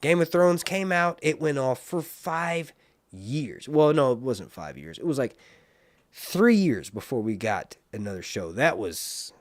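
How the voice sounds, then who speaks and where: A man's voice: mid-range voice, lively intonation, measured pace, dry recording, studio quality. A man hosting a casual live stream, rambling and joking while he reads viewer comments. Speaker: live stream host reviewing a TV series.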